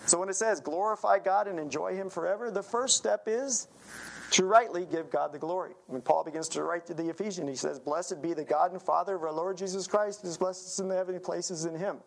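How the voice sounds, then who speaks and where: A man's voice: sits high, a little fast, creaky, poor audio. A male preacher giving a sermon, counting off his points emphatically and quoting scripture as he goes.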